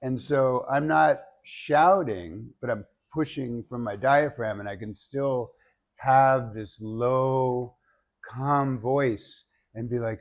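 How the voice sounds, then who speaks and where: A man leading a public speaking workshop, giving feedback and demonstrating techniques in an animated way. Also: medium pitch, takes it slowly.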